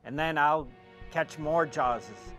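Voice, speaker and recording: A man voicing a gruff male shark hunter in his own plain, flat reading voice, wooden and hesitant, with no accent. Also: a little high, takes it slowly, soft background music. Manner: hesitant, wooden, loses the lines.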